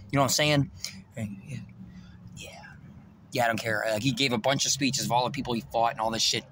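Fast-talking, swearing man venting. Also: medium pitch, steady tone, fairly bright tone, slight background noise. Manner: profane, agitated, boastful. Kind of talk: casual storytelling vlog. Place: parked car in a parking lot.

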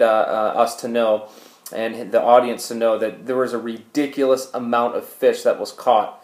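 A man who is a pastor, teaching scripture in a sermon. He talks earnestly, explains each point and uses frequent "uh" fillers. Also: mid-range voice. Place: church sanctuary. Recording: echoey church hall.

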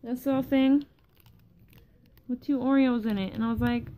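A sleep-deprived young woman chats into her camera at home, rambling and cursing as she keeps losing her thread. Her voice sits a little high. Faint room ambience hums behind her. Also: fairly even intonation, moderate pace, phone-quality sound, slight background noise. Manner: rambling and profane, loses her train of thought. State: tired from lack of sleep. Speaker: vlogger. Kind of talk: casual rambling vlog chat.

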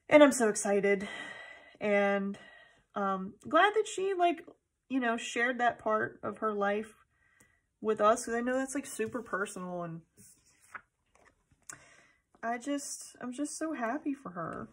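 Gushing bright-voiced woman vlogger. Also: mid-range voice. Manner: gushing, rambling, with many fillers and tangents. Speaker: planner vlogger. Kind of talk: casual chat.

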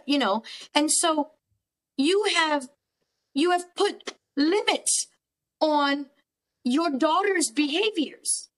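High-voiced earnest woman therapist. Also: animated, takes it slowly, pauses often. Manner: earnest, emphatic, repeats words for stress. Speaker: cognitive therapist guest. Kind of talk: faith-based counselling conversation.

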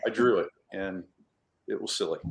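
A man's voice: low voice, normal speed, creaky, roomy sound. A man, a children's author and illustrator, talking casually and self-deprecatingly at a storytime. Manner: chatty, self-deprecating, rambling.

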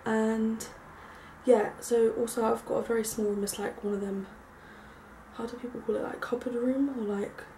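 A young woman giving a casual, rambling tour of her small bedroom, full of ums and likes, sometimes hushed. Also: a little high, steady tone, normal speed, slight background noise. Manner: hushed at times so as not to wake her brother. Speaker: vlogger. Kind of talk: casual room tour vlog.

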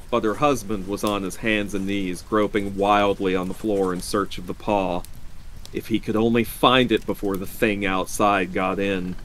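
A man reading a horror story aloud on a live stream with a measured, dramatic delivery. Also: fairly low pitch, fairly even intonation, a little hiss or hum.

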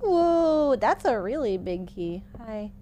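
A woman's voice: a little high, sing-song, takes it slowly, mellow, a little hiss or hum. A young woman streamer casually commenting while playing a game, gushing and easily startled. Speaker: gaming streamer. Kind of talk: casual let's-play commentary.

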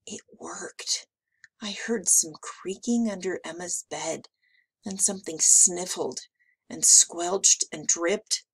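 Slow, gravelly woman reading a picture book. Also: fairly low pitch. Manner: slow, expressive read-aloud. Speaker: teacher.

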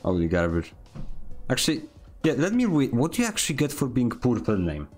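A man's voice: medium pitch, wildly swooping pitch, brisk, darkish tone, faint music behind. A man streaming a video game, chatting casually with playful, mock-dramatic complaints and outbursts. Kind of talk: casual gaming commentary.

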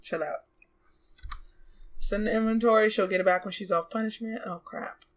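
A chatty young woman narrating her life-sim game at a middling pitch. She coaxes and scolds her characters aloud. She is quick to gasp and exclaim. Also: fairly even intonation. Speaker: gaming YouTuber. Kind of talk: let's play commentary.

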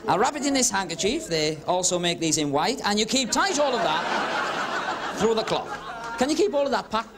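A man doing comic magic patter on a club stage, teasing audience volunteers with quick cheeky asides. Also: high voice, very animated. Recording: 1970s TV broadcast with crowd laughter and hiss. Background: audience laughing and murmuring.

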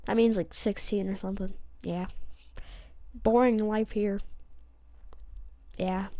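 Slow, rambling woman commenting on her game. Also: medium pitch, steady tone, mellow, no echo. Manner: rambling, self-correcting, chatty. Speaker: gaming channel host. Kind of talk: casual let's-play commentary.

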